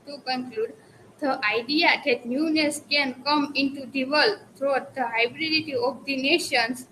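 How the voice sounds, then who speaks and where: High bright-voiced young Indian woman presenting. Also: a little slow, slight background noise, poor audio. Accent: Indian English. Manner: hesitant, frequent restarts and fillers. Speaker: student presenter. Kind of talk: classroom presentation.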